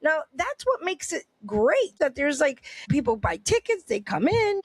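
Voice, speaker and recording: A woman's voice: high voice, sing-song, measured pace, dry recording. A woman hosting a casual podcast, reading news aloud and reacting with indignant rhetorical questions and many restarts. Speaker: podcast host.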